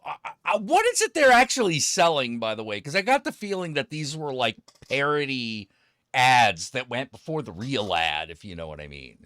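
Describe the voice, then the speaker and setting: Animated guy chatting and cracking up, swears a lot, dry close mic. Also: mid-range voice, moderate pace, dry recording. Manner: animated, swearing, laughs often, slips into impressions. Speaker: podcast co-host. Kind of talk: casual comedic chat.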